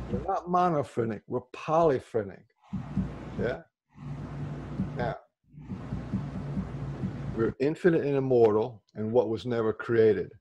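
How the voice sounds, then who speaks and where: A man's voice: mid-range voice, mellow, highs cut off, slight background noise. A man speaking to a discussion group, explaining ideas and often checking in with listeners. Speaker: workshop speaker.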